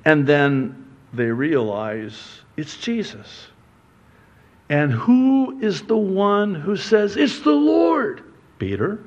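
Male pastor, fairly high voice, unhurried delivery, dramatic storytelling sermon with hushed asides and loud peaks. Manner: animated storytelling with rhetorical questions.

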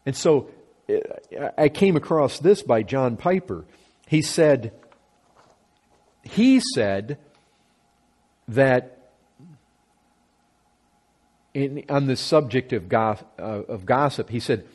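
A man delivers an earnest sermon as a pastor, repeating phrases and climbing in pitch to stress each point. His voice has a husky edge. The melody is animated, rising and falling widely as he preaches. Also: slow pace, pauses often.

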